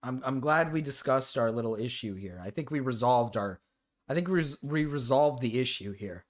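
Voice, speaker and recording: A man's voice: medium pitch, lively intonation, moderate pace. A man streaming and reacting to videos, casual, crude and often laughing. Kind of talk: casual livestream reaction chat.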